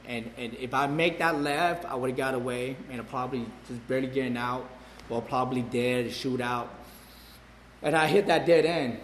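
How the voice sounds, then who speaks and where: Speaking at a moderate pace with fairly even intonation, this mid-range male voice belongs to a man in his forties offering a meandering personal testimony. He trips over words, repeats himself and fills gaps often, while a hall's long reverb tail, faint ambience and light background noise surround him.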